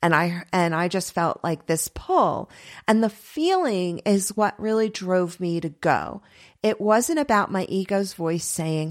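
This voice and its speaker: A middle-aged woman with a slightly low voice gives an earnest, chatty spiritual teaching. She laughs easily and slips into quick asides that voice her own thoughts. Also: big pitch swings.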